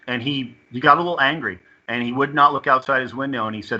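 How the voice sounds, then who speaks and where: A man telling a personal experience as an interview guest, halting and often repeating or restarting his words. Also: mid-range voice, bright, forceful tone, muffled recording.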